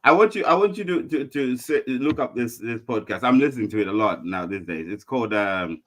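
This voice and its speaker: A man on a podcast panel, talking in a halting way with many restarts. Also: mid-range voice, lively intonation. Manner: halting, lots of restarts and fillers. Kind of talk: casual podcast chat.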